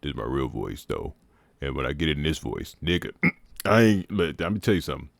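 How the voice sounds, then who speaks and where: A man putting on an exaggerated, extra-deep voice as a boastful, mock-tough grown man. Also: sing-song, a little fast, creaky, dry recording, studio quality, full character voice.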